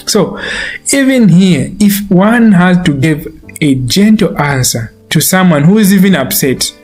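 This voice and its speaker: A man giving a devotional Bible teaching in an earnest, explaining manner. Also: on the high side. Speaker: preacher. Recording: soft guitar music behind.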